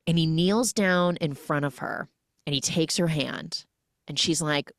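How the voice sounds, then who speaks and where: A woman hosting a podcast, recapping a film in an animated, jokey way full of 'like'. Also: deep voice, unhurried, no echo, studio quality. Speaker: podcast host.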